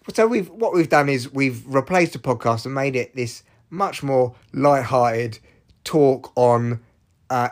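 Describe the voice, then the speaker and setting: A man in his forties hosting a solo podcast, rambling, self-deprecating and swearing freely. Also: medium pitch. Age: 40s. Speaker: podcast host. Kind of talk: casual solo podcast monologue.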